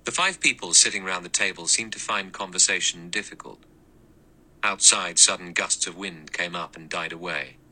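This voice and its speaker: A man narrating an audiobook in a steady, measured way. His voice is very low yet bright and sharp in tone. The delivery is even and deliberate. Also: low-quality recording. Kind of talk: scripted narration.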